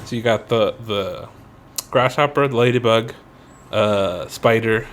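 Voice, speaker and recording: A man co-hosting a casual podcast chat, animated and laughing, slipping into silly voices. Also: lowish voice, unhurried, a little hiss or hum. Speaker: podcast co-host.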